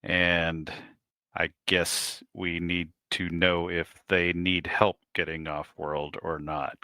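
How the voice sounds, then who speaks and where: A man's voice: low voice, flat delivery, takes it slowly, pushed and bright, no room sound, clean studio sound. A man explaining his character's plans as a player in a tabletop game, matter-of-fact.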